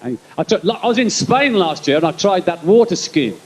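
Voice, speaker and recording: A man in his forties with a Birmingham accent doing live stand-up at an outdoor concert. He chats and rambles to the audience, with quick punchlines. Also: high-pitched, very animated, poor audio. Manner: chatty, rambling asides to the crowd, quick punchlines. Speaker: stand-up comedian and concert compere. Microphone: stage microphone over a PA.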